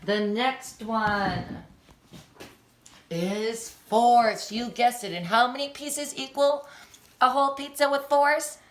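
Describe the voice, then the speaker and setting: A young adult woman teaching a playful classroom lesson on video, animated and teasing, laughing often. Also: a little high, takes it slowly.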